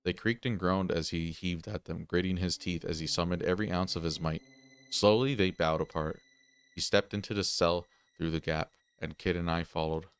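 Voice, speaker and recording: A man's voice: sits low, fairly even intonation, normal speed, smooth. A man reading a text adventure game aloud, breaking off for casual asides. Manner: casual asides between read passages. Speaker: gaming channel host.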